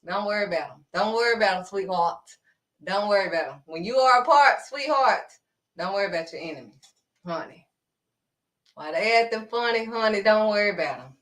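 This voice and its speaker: A woman preaching in a livestream sermon, animated and calling listeners honey. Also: mid-range voice, brisk.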